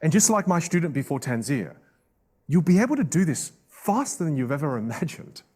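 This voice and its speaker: A man from Australia, a public speaking coach leading a live online class in an emphatic, energetic way. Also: a little high, a little fast, slightly rough.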